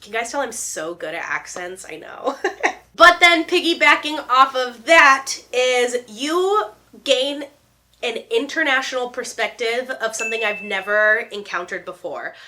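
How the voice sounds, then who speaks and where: Woman, 30s, vlogger, casual chit-chat, bright tone, playful asides. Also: a little high, a little slow. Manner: chatty, animated, jokey asides and playful put-on voices.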